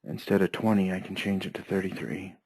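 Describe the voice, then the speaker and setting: A man teaching accounting software step by step, his voice hoarse and often interrupted by throat clearing. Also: low-pitched, fairly quick, no room sound, rough recording. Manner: steady, methodical step-by-step explaining. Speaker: software trainer. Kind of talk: screen-share software tutorial.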